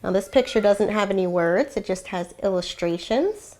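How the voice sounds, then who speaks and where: A woman kindergarten teacher reading a picture book aloud, explaining words gently and pausing to ask the children questions. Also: mid-range voice, animated. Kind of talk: read-aloud lesson for young children.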